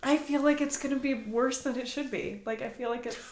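A woman in her thirties co-hosting a podcast in casual chat, talking in a lively, emphatic way and acting out what people say. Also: high voice, fairly quick, a crowd in the background. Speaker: podcast co-host. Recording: echoey room.

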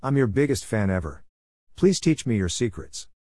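A man's voice: medium pitch, sing-song, normal speed, a little mellow, no echo, clean studio sound. A man voicing a nervous male bulldog sidekick who speaks hesitantly.

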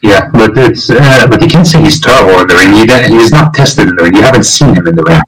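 A man co-hosting a wrestling podcast in casual chat, animated and quick to jump in. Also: on the low side, over music, rough recording. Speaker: podcast co-host.

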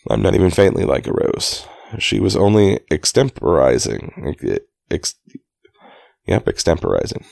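A man's voice: deep voice, big pitch swings, measured pace, creaky, a little mellow, dry recording. A man reading a novel aloud in a casual, amateur way, often stopping to restart and correct himself. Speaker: reader.

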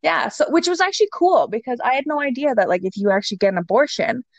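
A woman's voice: high-pitched, sing-song, quick pace, no echo. A young woman co-hosting a podcast, telling her own story in a casual, candid way, swearing freely and acting out what people said. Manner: candid and swearing, acts out quotes. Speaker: podcast co-host. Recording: dull, dry lo-fi sound.

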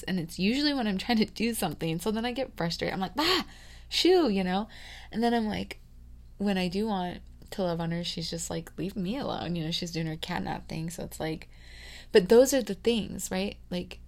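A podcast host, a woman in her thirties, delivers a rambling, confiding personal monologue packed with fillers. Her medium-pitched, creaky voice sinks to a hush and then climbs loud.

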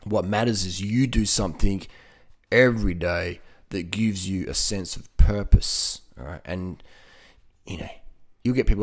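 A man's voice: on the low side, expressive, normal speed. A man with an Australian accent talking casually and motivationally, often repeating words and laughing. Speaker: vegan cycling advocate.

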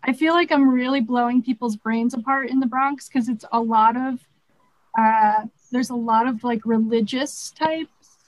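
A woman's voice: fairly high pitch, a little slow, no echo, rough recording. Frank, laughing woman, dry sound. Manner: frank, laughing, swears casually. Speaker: guest. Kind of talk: casual podcast chat.

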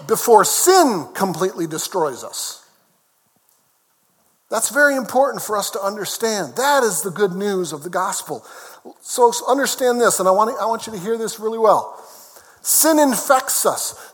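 High-voiced male pastor preaching in a hall. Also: a bit bright. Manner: emphatic preaching with repeated phrases; conversational asides to the congregation. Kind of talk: sermon. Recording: long reverb of a large hall.

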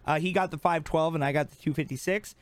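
A man co-hosting a podcast in casual chat, animated and fond of acting out voices, on a podcast microphone. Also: a little high, fast, no room sound. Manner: animated, acts out quoted voices. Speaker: podcast co-host.

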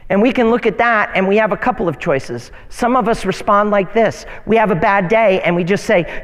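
Pastor, male, high voice, animated sermon delivery, church hall reverb. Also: moderate pace. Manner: animated preaching with mocking whiny voices for quoted complainers. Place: church sanctuary.

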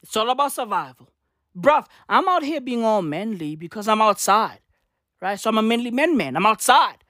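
A man rants in a comic monologue, swearing constantly and circling back to the same lines again and again. His voice sits fairly high for a man, and the recording is close and dry with no room sound. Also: very animated, normal speed, pushed and bright, no echo. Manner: rambling, repetitive, keeps saying bruv and right; swears heavily, mock-swaggering. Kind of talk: profane comic rant monologue.

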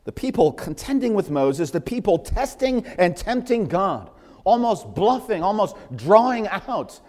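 Brief: male pastor, impassioned sermon, slightly high voice, repeating phrases, long church-hall echo. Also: big pitch swings, unhurried, a little mellow.

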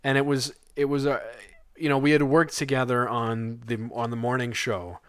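A man's voice: medium pitch, fairly even intonation, normal speed, smooth, no echo. A young man co-hosting a podcast in casual chat, rambling, laughing often and trailing off mid-thought. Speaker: podcast co-host.

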